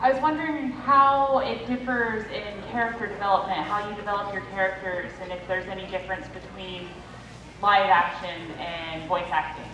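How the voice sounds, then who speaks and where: A woman's voice: mid-range voice, fairly even intonation, normal speed. Woman asking from a crowded echoey hall. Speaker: audience member asking a question. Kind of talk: panel Q&A question. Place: large convention panel room. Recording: echoey hall, distant mic, crowd behind.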